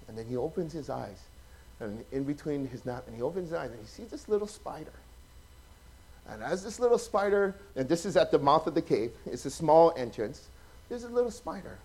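A male preacher with a notably high voice gives a relaxed, conversational sermon. He tells stories with lively energy, acts out the people in them and keeps asking his listeners questions. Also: slightly rough. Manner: chatty, animated, acts out quotes, asks the audience questions. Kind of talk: informal sermon storytelling.

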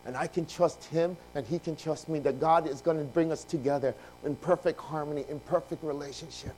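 A male pastor preaching a sermon, telling a personal story with lively acted-out dialogue, swinging between loud outbursts and hushed confession. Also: on the high side, fairly quick, slight background noise, rough recording.

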